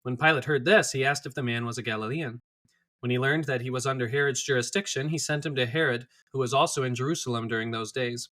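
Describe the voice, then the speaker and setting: A man reading scripture aloud in a steady, clear manner. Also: medium pitch, fast. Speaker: scripture reader.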